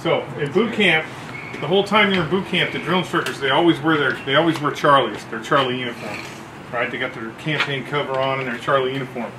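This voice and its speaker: A man telling a profane story about boot camp among coworkers, acting out shouts as he goes. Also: mid-range voice, fast, reverberant, noisy background. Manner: animated, swearing, acts out shouts. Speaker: former Marine telling a story.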